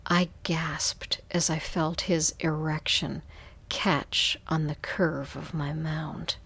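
Hushed, breathy woman reading a story. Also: sits low, flat delivery, slow. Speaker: narrator. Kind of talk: intimate first-person story reading.

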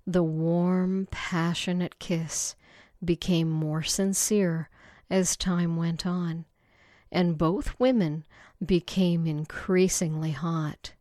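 Woman narrator, read-aloud story, soft breathy delivery, slow pace, slightly low voice. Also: steady tone, dry recording, clean studio sound.

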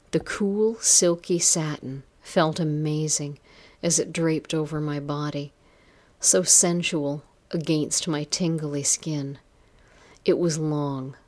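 A woman reading a first-person story aloud, with a soft, intimate delivery. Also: low-pitched. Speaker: narrator.

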